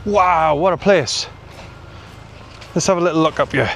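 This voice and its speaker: A man's voice: on the high side, moderate pace. Chatty man vlogging outdoors in the wind. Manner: chatty and excitable, exclaiming at the weather. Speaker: overland travel vlogger. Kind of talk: casual travel vlog talk to camera. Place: outdoors on a windy coastal hill. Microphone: clip-on microphone. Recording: outdoor recording with clear wind noise.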